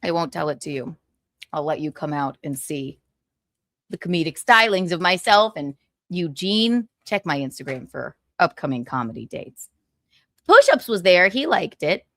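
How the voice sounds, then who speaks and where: Woman, gossip stream host, animated pitch, dry close sound, tired but chatty. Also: moderate pace, dry recording. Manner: chatty, giggly, tired asides. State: exhausted. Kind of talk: casual chat.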